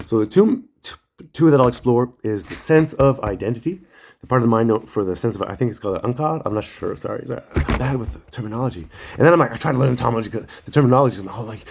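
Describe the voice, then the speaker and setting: A man's voice: mid-range voice, quick pace, a little hiss or hum. A man talking in a casual, rambling monologue, acting out quotes, swearing freely and laughing at himself. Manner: animated storytelling, acts out quotes, swears freely; self-deprecating, often apologizes and laughs at himself.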